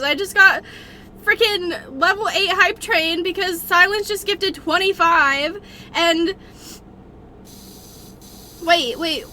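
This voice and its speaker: A woman's voice: very high voice, takes it slowly, pauses often, sharp tone, slight background noise. A young woman streamer thanking her viewers, crying and effusive. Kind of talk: live stream chat.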